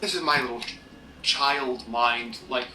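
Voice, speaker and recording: A man's voice: medium pitch, a little slow, bright, forceful tone, slight background noise. A man talking in a casual, rambling vlog rant, self-deprecating and full of fillers, recorded from a distance in an echoey room.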